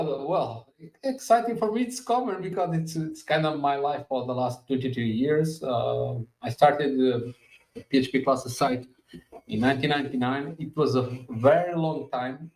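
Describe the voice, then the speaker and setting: A man in his fifties hosts a podcast in a dark, mellow voice, stopping often to search for words. He sits back from the mic in an echoey room. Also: mid-range voice, distant mic. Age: 50s. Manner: halting, with many fillers. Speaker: podcast host. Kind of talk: casual podcast interview.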